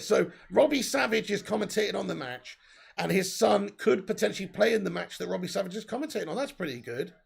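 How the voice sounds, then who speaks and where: A man with a sore throat, hosting a live football watch-along and reading out viewer comments in an excitable way. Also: sits high, gravelly, husky. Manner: excitable, swears, bursts into cheers.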